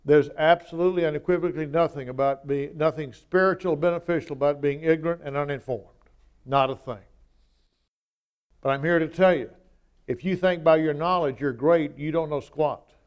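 Emphatic man preaching, smooth voice. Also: a little high, normal speed, dull audio. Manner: emphatic, conversational preaching with acted-out quotes. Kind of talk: sermon.

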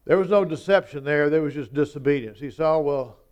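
Emphatic man preaching, smooth voice. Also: a little high, fairly quick, dull audio. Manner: emphatic, conversational preaching with acted-out quotes. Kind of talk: sermon.

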